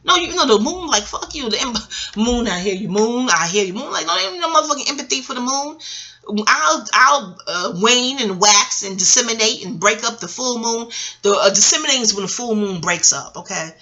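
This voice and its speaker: A woman's voice: on the high side, lively intonation, fairly quick, sharp tone, lo-fi sound. A middle-aged American woman vlogging in a scattered, rambling way, jumping between tangents and swearing freely. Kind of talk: casual rambling commentary.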